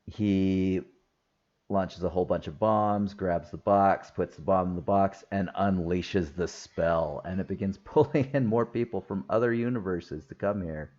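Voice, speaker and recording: A man's voice: deep voice, measured pace, a little mellow, muffled recording. A man talking casually through a film review, rambling and enthusiastic, with lots of fillers and laughs. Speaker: movie reviewer.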